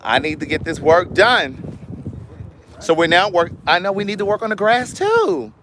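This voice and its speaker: A man hosting a casual outdoor livestream, talking directly to his viewers in an animated, chatty way. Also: high-pitched, moderate pace, a little hiss or hum. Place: outdoors in a yard.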